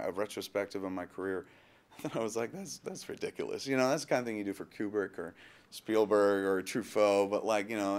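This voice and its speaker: A man in his thirties, telling a rambling story in a casual, joking interview, quick with asides and the odd swear word. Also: fairly low pitch. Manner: fast, animated and jokey, quick asides and profanity. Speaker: interviewee, filmmaker and author.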